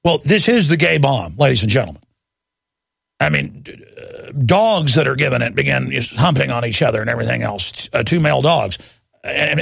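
A man's voice: on the high side, vocal fry, a bit bright, husky, no room sound, studio quality. A man hosting a talk radio show, ranting heatedly from one news item to the next and mocking his critics. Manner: heated, ranting, jumps between news items; mocks opponents in put-on voices.

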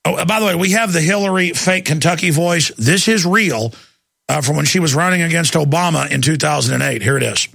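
A man's voice: on the high side, fairly quick, creaky, fairly bright tone, no room sound. A man hosting a talk radio show, ranting sarcastically and with emphasis.

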